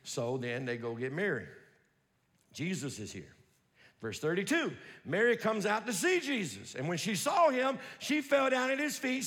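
A high-voiced male pastor preaching in a church, his pitch jumping all over. He shifts from hushed, musing asides to loud, driving preaching, with a folksy way of talking and scripture read aloud. A long reverb hangs on his voice. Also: sing-song, normal speed, pauses often. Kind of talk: sermon.

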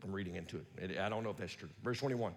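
A man preaching a sermon as pastor, folksy and reading scripture aloud, swinging from quiet musing to loud preaching. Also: low-pitched, racing, in a large hall.

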